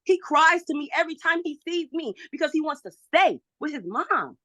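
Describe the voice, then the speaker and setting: Mom pleading her case on a video call from home, upset, bright higher voice, dry sound. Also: lively intonation, fairly quick, dry recording. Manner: frustrated, pleading, talks over others. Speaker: mother in a guardianship hearing. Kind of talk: emotional court testimony.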